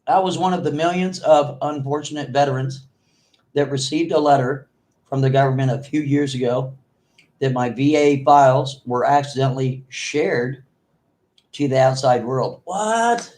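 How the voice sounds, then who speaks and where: A middle-aged man ranting in a commentary vlog, animated and mocking. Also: medium pitch, normal speed. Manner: animated, mocking, mimics others in exaggerated voices. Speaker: online video commentator.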